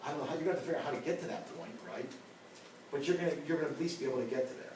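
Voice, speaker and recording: A man's voice: on the high side, rapid-fire. A man teaching an ethics class, talking casually with personal stories and lots of "you know" and "right?". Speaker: ethics instructor. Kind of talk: classroom lecture with personal anecdotes. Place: lecture room. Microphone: distant room mic. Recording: very echoey room, voice far from mic, faint hiss.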